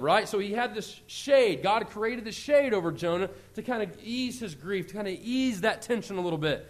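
A man with a high voice preaches a sermon to his congregation. He talks in a relaxed, conversational way, then pushes his voice up and out for emphasis. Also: normal speed, hardly any pauses.

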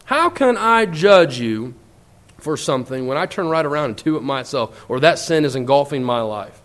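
A man preaching a church lesson, earnest and emphatic, reading scripture slowly and deliberately and jumping up in pitch when he voices other people's words. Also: expressive, fairly bright tone. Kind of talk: sermon.

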